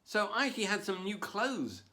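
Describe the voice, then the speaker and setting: Guy doing standup from home, no crowd, bouncy pitch, dry self mocking jokes. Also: very animated, normal speed, bright, forceful tone. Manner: wry, self-deprecating delivery with put-on voices. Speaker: stand-up comedian. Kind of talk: stand-up comedy monologue. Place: home, performing without an audience.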